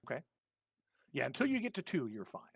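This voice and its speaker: A man narrates a tabletop game as its game master, his voice gravelly and rough. He talks in halting bursts with lots of ums and restarts. The sound is dry and close. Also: medium pitch, huge pitch swings, no room sound.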